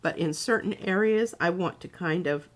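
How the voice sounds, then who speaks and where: Low-voiced woman thinking aloud while painting. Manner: halting, trailing off, thinks aloud while working. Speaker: artist demonstrating on a livestream. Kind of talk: casual craft demo chat.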